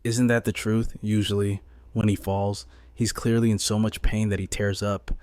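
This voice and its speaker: A man voicing a gentle, caring mother. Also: lowish voice, level tone, normal speed, no room sound, close to an everyday voice. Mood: affectionate. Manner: gentle, affectionate. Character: warm caring mother, middle-aged woman.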